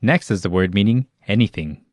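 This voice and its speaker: A man giving scripted, even-toned instructional narration for a language lesson. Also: lowish voice, a little fast, no echo, clean studio sound. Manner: even, explanatory, announcer-like.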